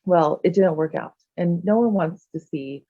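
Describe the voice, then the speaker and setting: Soft low-voiced woman, lo-fi audio. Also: dry recording. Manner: soft, halting, many fillers and "like". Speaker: guest, shamanic healer and animal communicator. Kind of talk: casual chat.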